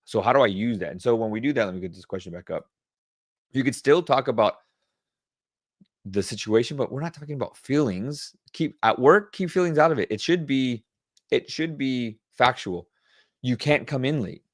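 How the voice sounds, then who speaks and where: A man's voice: mid-range voice, lively intonation, fairly quick, dry recording, studio quality. A man running a casual leadership Q&A, talking things through aloud and firm about standards. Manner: conversational, thinks aloud while searching and sharing screen. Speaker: leadership coach. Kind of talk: casual teaching Q&A.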